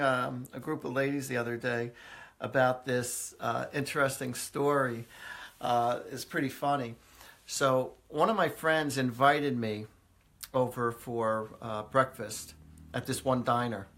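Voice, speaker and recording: A man's voice: medium pitch, fairly even intonation, measured pace, a bit bright. Man, live-stream host, casual storytelling, chatty, many fillers, frequent laughter. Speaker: psychic medium hosting a live stream. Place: indoors, live video stream.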